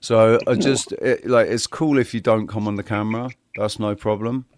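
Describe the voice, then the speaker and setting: A man's voice: lowish voice, fairly even intonation, normal speed, darkish tone, dry recording, clean studio sound. A man hosting a livestream panel in casual chat, rambling and restarting his sentences and swearing freely.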